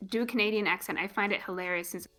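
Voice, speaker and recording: A woman's voice: mid-range voice, rapid-fire, fairly bright tone, faint music behind. A woman from Australia with an Australian accent, chatting casually as a co-streamer and reading out viewer requests. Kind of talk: casual live-stream chat while gaming.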